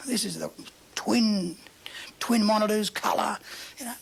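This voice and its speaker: An Australian man telling a story in a casual interview, acting out the dialogue in an animated way, his voice often breathy and half-whispered. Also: sits high, a little slow. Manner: animated anecdotal, acts out dialogue. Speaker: interview guest.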